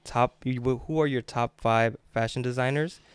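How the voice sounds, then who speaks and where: A man hosts a casual podcast chat in a relaxed, friendly way. His voice is smooth and clear at a middle pitch. The recording is close and dry. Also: normal speed, no room sound. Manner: relaxed, friendly, short affirmations. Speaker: podcast host. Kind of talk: casual interview.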